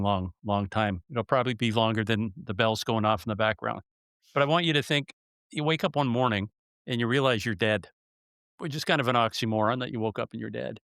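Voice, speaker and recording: A man's voice: mid-range voice, fairly bright tone, clean tone, no echo, studio quality. Laid-back man spinning a playful hypothetical. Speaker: podcast host. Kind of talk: conversational interviewing.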